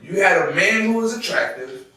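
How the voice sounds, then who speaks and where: A man's voice: high-pitched, expressive, normal speed, pushed and bright. A man in a casual group podcast chat, speaking in a reflective way and hedging his points. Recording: echoey room from far off the mic.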